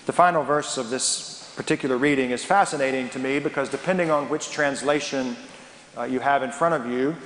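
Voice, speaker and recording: A man's voice: mid-range voice, fairly quick, a bit bright, slight background noise. A man preaching a sermon as a pastor, emphatic and dramatic, asking rhetorical questions. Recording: echoey hall with long reverb.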